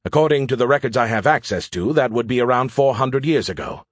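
A man voicing a condescending, know-it-all male ship AI that lectures in a husky, dry voice. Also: medium pitch, animated, quick pace, dry recording, lightly acted. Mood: smug.

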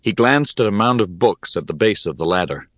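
A man narrating a first-person fantasy audiobook in a calm, measured storytelling manner. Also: lowish voice, no room sound, studio quality.

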